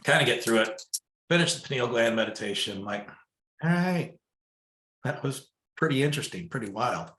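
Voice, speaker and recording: A man spins a personal story in a relaxed fireside chat, full of fillers and little acted-out quotes. His voice sits on the low side but comes across bright and forceful. The room around him gives it a noticeable echo. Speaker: guest telling a personal story. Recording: echoey room.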